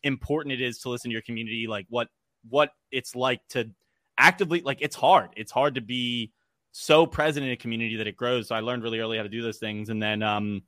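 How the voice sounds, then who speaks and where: A young adult man talking casually as a podcast guest, telling stories with lots of fillers and quick laughs. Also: medium pitch, no room sound, clean studio sound. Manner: animated storyteller, quick laughs, many fillers. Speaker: guest, developer experience engineer.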